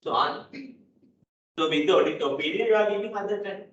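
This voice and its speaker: A man's voice: sits high, lively intonation, fairly quick, a bit bright. Sri male lecturer in an echoey hall. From Sri Lanka. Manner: repeats key points, checks with "right?". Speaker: accounting lecturer. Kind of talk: classroom lecture. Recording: dull, echoey hall audio from a distance.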